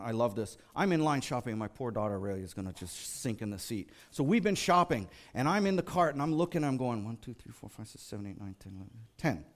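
An American man giving a sermon, telling stories animatedly and acting out the voices of the people in them. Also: mid-range voice. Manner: animated storytelling, acts out quoted voices. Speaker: lay preacher.

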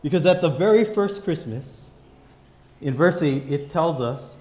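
A pastor preaching a sermon in emphatic, repeating refrains. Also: male voice, a little high, animated, a little slow, a little mellow, reverberant.

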